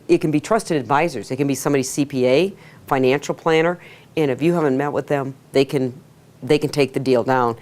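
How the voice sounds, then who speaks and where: A woman teaching a sales workshop to a live audience, energetic, asking the room questions and acting out quotes. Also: sits low. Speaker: sales trainer. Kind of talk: workshop lecture.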